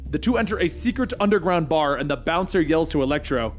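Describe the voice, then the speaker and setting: A man narrating a comic book story in brisk recap style. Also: a little high, lively intonation, faint music behind.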